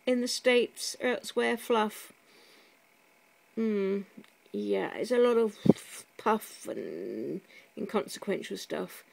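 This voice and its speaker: A woman's voice: mid-range voice, gravelly, darkish tone, low-quality recording. A woman vlogger giving sarcastic, mock-pious commentary as she reads product reviews aloud, chatty and full of asides.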